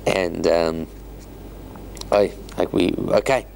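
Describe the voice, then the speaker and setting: A man teaching a Torah study class as a rabbi, explaining scripture in an animated way with joking asides. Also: sits low, slow pace, vocal fry, slight background noise. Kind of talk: informal Bible lecture.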